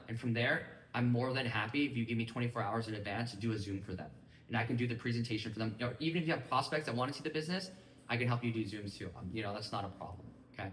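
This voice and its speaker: A man in his thirties talks quickly and casually to a small group, acting out snippets of conversation as he goes. His voice sits at an ordinary pitch. The room behind him rings with echo. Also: a bit bright. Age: 30s. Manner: fast, casual, acts out quoted dialogue. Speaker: sales team leader. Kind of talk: training talk to a live group. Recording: echoey room.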